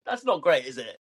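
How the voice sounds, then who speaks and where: A man's voice: fairly high pitch, fairly bright tone, slightly rough. A man co-hosting a podcast, telling stories in a rambling, hesitant way full of fillers and restarts. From family from Scotland. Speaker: podcast co-host. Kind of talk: casual chat.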